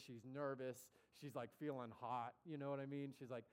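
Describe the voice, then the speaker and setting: A man preaching a sermon as a story, conversational and animated, acting out the voices of the people in it. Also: mid-range voice, fast talker, hardly any pauses.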